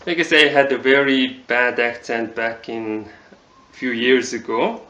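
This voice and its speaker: A man with a Mongolian accent giving a casual spoken review, halting and full of fillers. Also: medium pitch, steady tone, pushed and bright, reverberant. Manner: halting, many fillers like "you know, this". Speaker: video reviewer.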